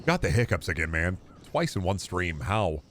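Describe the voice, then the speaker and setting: A man's voice: deep voice, sing-song, normal speed, a little hiss or hum. A young man chatting casually and swearing freely while streaming a game. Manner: rambling, joking, swears freely. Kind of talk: casual gameplay commentary.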